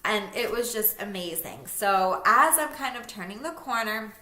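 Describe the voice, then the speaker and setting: A woman in her thirties tells a story casually, with plenty of fillers and small laughing asides. Her voice is bright and forward. The sound bounces around a roomy space. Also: medium pitch, normal speed. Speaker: vlogger.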